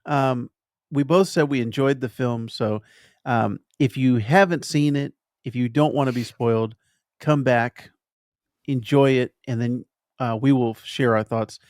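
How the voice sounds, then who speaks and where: A man hosting a podcast, chatting casually through a film review and pausing thoughtfully to find his words. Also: mid-range voice, darkish tone, no room sound, clean studio sound. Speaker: podcast host.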